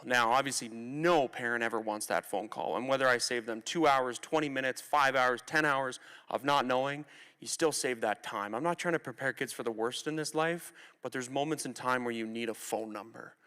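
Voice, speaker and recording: A young man from Canada tells his story to students from a theatre stage, candid and conversational, sometimes slipping into the voices of the people he quotes. His voice is bright and crisp. A long hall reverb trails behind every phrase. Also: medium pitch, fairly quick. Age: 20s. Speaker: motivational speaker. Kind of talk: personal story talk to students.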